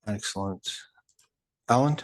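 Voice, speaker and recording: A man running a tabletop game as game master, talking in a relaxed, chatty way with plenty of fillers. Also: fairly low pitch, measured pace.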